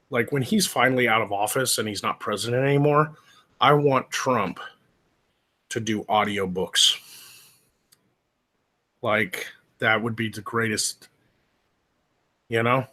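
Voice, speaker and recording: A man's voice: mid-range voice, slow, pauses often, bright, forceful tone. A man hosting a livestream, chatting loosely with viewers and laughing often. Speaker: livestream host. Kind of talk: casual livestream chat.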